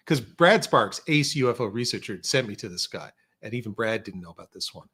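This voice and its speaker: A man's voice: medium pitch, animated, fairly quick, fairly bright tone. Chatty man telling long stories. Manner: rambling anecdotes with restarts and quoted dialogue. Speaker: podcast guest, filmmaker. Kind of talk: casual storytelling chat. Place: studio.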